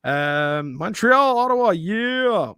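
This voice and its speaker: A man from Quebec co-hosting a casual live stream, excitedly reading out where viewers are from. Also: high voice, slow, clear, resonant tone, dry recording, clean studio sound. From Quebec, Canada. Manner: excitable, reads out viewer locations. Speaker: co-host.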